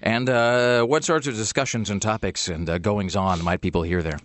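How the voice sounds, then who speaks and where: A man's voice: lowish voice, normal speed, a bit bright, no room sound. A man hosting a radio show in casual chat, rambling and self-deprecating with lots of restarts. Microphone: studio microphone.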